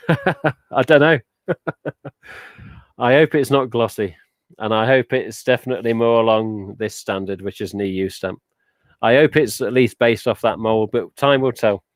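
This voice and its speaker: A man's voice: fairly low pitch, moderate pace, dry recording. A man hosting a casual live stream, rambling chattily with lots of "uh" and "but yeah" as he reads out viewer comments. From England.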